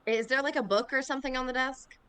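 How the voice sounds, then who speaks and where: A woman's voice: high-pitched, fairly even intonation, fast talker, fairly bright tone, clean tone, no echo. A woman playing a tabletop game, talking casually and thinking aloud. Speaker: player.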